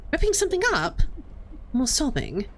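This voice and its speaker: A woman's voice: high-pitched, huge pitch swings, moderate pace, slight background noise. A young woman streamer, chatty, reading game text aloud and talking to viewers. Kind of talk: casual game playthrough narration.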